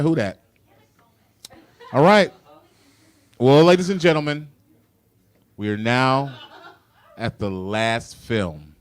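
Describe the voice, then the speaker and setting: A man from Chicago hosting a live comedy game show, jokey and riffing on the guests. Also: lowish voice. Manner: jokey, animated, riffs and laughs at his own jokes.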